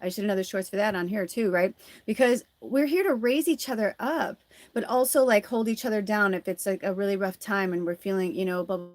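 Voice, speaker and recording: A woman's voice: mid-range voice, a little fast, darkish tone. A woman doing a live tarot reading, chatty and rambling as she thinks aloud, then earnest and encouraging. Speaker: tarot reader and spiritual medium. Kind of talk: casual live-stream card reading.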